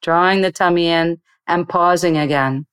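Here a woman meditation instructor discusses the practice during an interview before gently and slowly walking listeners through a breathing exercise. Her lowish voice is a bit bright, clear and resonant, with no room sound.

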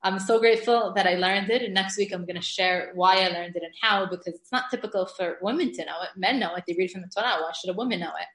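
A middle-aged woman teaches a lesson on Hebrew grammar with eager, patient explanation, pausing to read verses aloud. Her voice sits at an ordinary pitch. The room around her rings with noticeable echo. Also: fairly bright tone. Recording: echoey room.

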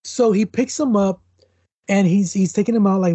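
A man's voice: high voice, moderate pace, dark tone, slightly rough, no room sound. A man co-hosting a casual movie podcast, jokey and agreeable, often laughing along. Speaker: podcast co-host.

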